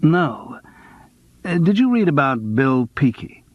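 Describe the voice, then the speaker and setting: A man voicing a low-key, rueful actor who dabbles in detection, in an audiobook. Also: very animated, takes it slowly, dry recording, dull audio, full character voice. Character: Charles, subdued male actor-sleuth. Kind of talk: audiobook character voice.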